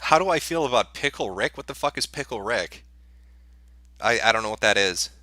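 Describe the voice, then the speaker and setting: A man's voice: mid-range voice, lively intonation, a little fast, pushed and bright, dry recording, clean studio sound. A man answering viewer questions on a livestream in a sarcastic, profane, dismissive rant.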